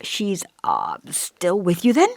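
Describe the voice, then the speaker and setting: A woman reading an audiobook and voicing a kindly, hesitant male village vicar with a gentle, scholarly voice. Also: lowish voice, huge pitch swings, slow, creaky, dry recording, studio quality, exaggerated voice. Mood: earnest. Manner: kindly, hesitant, over-polite. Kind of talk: audiobook character voice.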